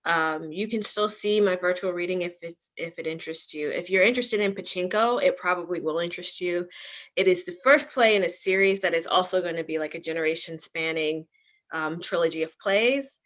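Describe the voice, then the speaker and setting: A young woman hosting an online book club on a livestream, with a slightly low voice. She chats casually and rambles, filling her sentences with ums and likes. She sounds like she is at home in front of her computer mic. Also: a little fast, fairly bright tone.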